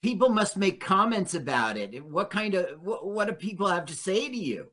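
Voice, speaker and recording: A man's voice: sits high, sing-song, normal speed, bright, forceful tone. Radio host guy asking questions, voice goes up and down a lot, encouraging. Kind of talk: casual interview.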